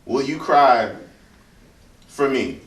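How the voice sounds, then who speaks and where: A man's voice: mid-range voice, lively intonation, drawn-out words. A man performing spoken word poetry at a live reading, building rhythmic, repeated questions that rise and fall sharply in force. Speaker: featured poet. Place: hotel event room, indoors. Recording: echoey room, voice from far off.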